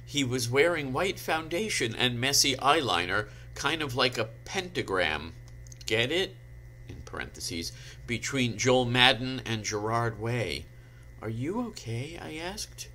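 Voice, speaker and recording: A man giving a comic dramatic reading, slow and deadpan, dropping in dry asides, over a home video call mic. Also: medium pitch, slight background noise. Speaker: guest reader.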